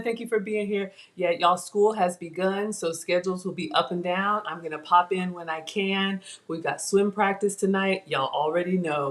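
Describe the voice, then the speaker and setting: A woman hosting a live home cooking class, chatty and self-teasing as she talks to viewers from her kitchen. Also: on the low side. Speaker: cooking show host.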